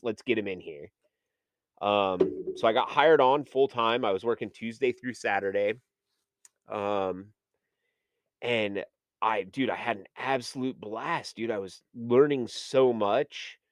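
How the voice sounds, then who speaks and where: A man's voice: lowish voice, no echo. A man who is a podcast guest, telling a casual, rambling story full of "like" and "um" and acting out his own past conversations.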